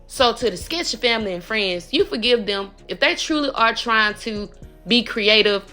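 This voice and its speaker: A woman in her morning voice giving a casual, animated spiritual reading, talking straight to the listener and calling them baby. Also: fairly high pitch, normal speed, faint music behind. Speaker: spiritual reader podcaster.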